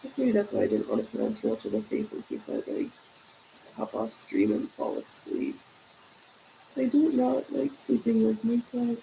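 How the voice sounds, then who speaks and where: A woman's voice: a little high, animated, moderate pace, creaky, dark tone, slight background noise, low-quality recording. A tired woman hosting a sewing livestream from home, chatting in a rambling way and yawning now and then. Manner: rambling and chatty, coos at her cats. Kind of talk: casual chat on a livestream.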